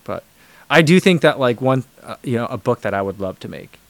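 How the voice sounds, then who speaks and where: A man's voice: medium pitch, expressive, fairly quick, gravelly, dry recording. A man hosting a livestream, reading viewer comments and chatting casually with many fillers and restarts. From United States. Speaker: livestream host reading chat. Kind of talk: casual chat.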